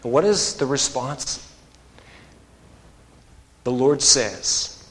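A man preaching a sermon, telling the story in an animated way and acting out the quoted voices. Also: mid-range voice, drawn-out words, long pauses, long reverb tail.

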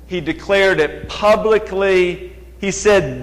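A man preaching a sermon as a guest speaker, measured and deliberate, slowing down to dwell on scripture quotes and rising in pitch as he builds emphasis. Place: church sanctuary. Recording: long church reverb.

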